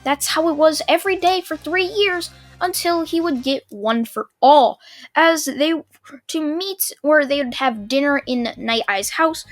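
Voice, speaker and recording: A high-voiced teenage girl narrating a homemade anime what-if story in a loose, rambling way. She fills gaps with "uh" and "now, from there," and drifts into chatty asides. Faint music plays underneath. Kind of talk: casual fan-story narration.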